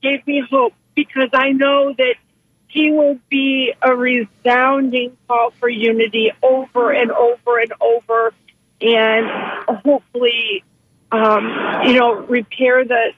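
A woman calling in to a radio show, speaking haltingly and emotionally with many pauses and restarts. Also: on the high side, little pitch movement. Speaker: caller. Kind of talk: phone call to a radio show. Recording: tinny phone line.

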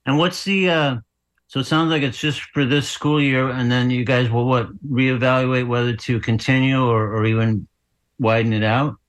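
A man's voice: mid-range voice, little pitch movement, normal speed, low-quality recording. A man hosting a radio talk show, friendly and enthusiastic with his guest. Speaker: radio host.

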